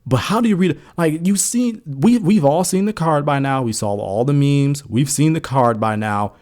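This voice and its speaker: Chatting casually, a US sports podcast co-host recounts something that happened. He speaks at a normal speed, and his voice rises high and lively as he warms to the tale.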